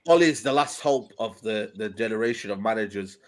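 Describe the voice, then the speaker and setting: A man's voice: fairly low pitch, brisk. A man with a London accent in casual football chat, rambling and often saying "you know what I mean". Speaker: podcast co-host.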